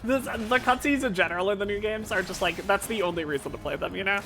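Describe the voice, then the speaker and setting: A young woman streaming a game, chatting casually with animated, profane remarks and frequent laughter. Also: medium pitch, fast talker, over music. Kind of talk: casual live-stream chat while gaming.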